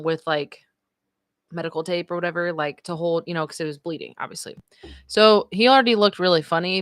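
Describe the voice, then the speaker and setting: A woman's voice: fairly low pitch, fairly bright tone, clean tone, no echo. A woman hosting a casual live stream, telling a story in a chatty way, filling her talk with "like" and "you know" and laughing often. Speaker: livestream host.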